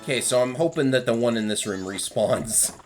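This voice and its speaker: A man's voice: mid-range voice, a little fast, over music. A man chatting casually as he plays through a video game, thinking aloud about his next move. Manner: relaxed, thinks aloud while playing. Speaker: let's play host. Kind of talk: casual gameplay chat.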